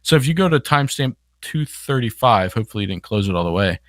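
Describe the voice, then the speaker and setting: A man's voice: medium pitch, expressive, quick pace, no room sound. A man co-hosting a podcast, commenting casually on video clips and often restarting his sentences. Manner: rambling, many restarts. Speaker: podcast co-host.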